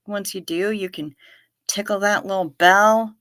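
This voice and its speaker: On a laid-back livestream, a woman with a bright, forceful voice answers viewer comments after reading them out loud. She speaks in a mid-range voice, steady in tone and a little slow. There's no room echo; the sound is close and dry.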